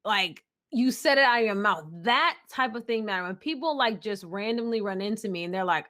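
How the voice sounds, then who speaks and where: A young woman co-hosting a casual podcast, with a bright, forceful tone. She talks openly and emotionally, laughing often and owning up to how easily she tears up. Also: mid-range voice, fairly quick, hardly any pauses. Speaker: podcast co-host. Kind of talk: casual chat.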